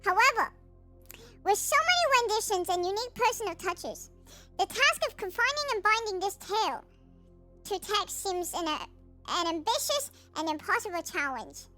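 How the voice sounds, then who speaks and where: A woman's voice: very high voice, lively intonation, normal speed, sharp tone, soft background music, exaggerated voice. A woman doing a solemn, dramatic storybook narrator voice while reading aloud.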